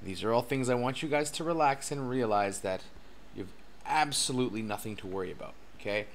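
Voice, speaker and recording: A man hosting a casual livestream as a cryptocurrency educator, excitable and chatty, laughing often and swearing casually. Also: mid-range voice, a little fast, slight background noise. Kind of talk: casual live-stream chat. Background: faint background music.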